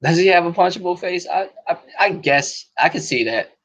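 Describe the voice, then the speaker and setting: A man's voice: high-pitched, lively intonation, moderate pace, fairly bright tone. A man hosting a casual podcast chat, talking in loose slang with plenty of cursing and frequent laughter. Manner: profane, slangy, laughs often. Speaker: podcast host. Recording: dull lo-fi podcast audio.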